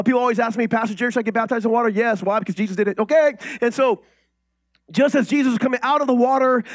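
A male pastor preaching a sermon, shifting between loud declarations and quiet conversational asides, with many rhetorical questions and restarts. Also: very high-pitched, no echo.

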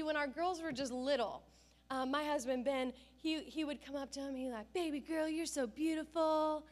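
A middle-aged woman pastor with a high voice delivers a sermon. She tells stories with lively energy and acts out the lines she quotes. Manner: animated storytelling with acted-out quotes.

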